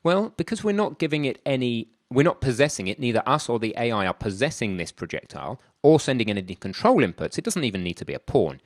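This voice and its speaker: A man's voice: medium pitch, very animated, fast talker, hardly any pauses, no room sound, studio quality. A man thinking aloud in a chatty way as he works through a screen-recorded programming tutorial. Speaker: programming instructor.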